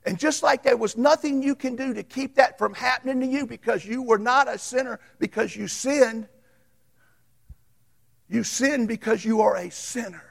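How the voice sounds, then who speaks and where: Baptist preacher guy, high-ish raspy voice, tells folksy stories, loud then whispery. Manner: folksy storytelling preacher, swings from loud to hushed. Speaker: Baptist pastor. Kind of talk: sermon.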